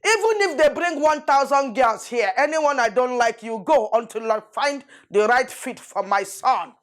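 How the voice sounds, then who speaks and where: A woman's voice: high voice, lively intonation, normal speed. A scornful Nigerian mother-in-law. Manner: boastful, mocking, loud. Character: scheming domineering middle-aged Nigerian mother-in-law. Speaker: actor. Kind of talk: film drama acting. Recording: faint film music underneath.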